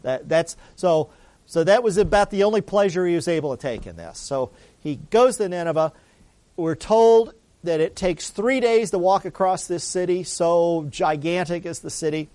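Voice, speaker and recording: Pastor, male, sermon delivery, chatty storyteller, slightly high voice, dry close recording. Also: normal speed, a little mellow, dry recording. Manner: storytelling, conversational, with restarts and asides.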